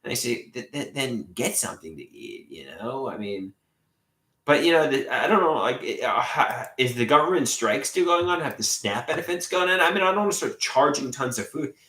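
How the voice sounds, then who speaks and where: A man's voice: medium pitch, animated, brisk, sharp tone, roomy sound. A man livestreaming from his room at home, rambling and swearing, often repeating himself. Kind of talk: rambling live stream monologue.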